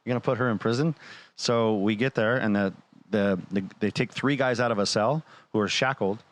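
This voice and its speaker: Low-pitched man, casual storyteller, acts out the dialogue, talk-show guest. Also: fairly quick. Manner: animated, quotes others in dialogue.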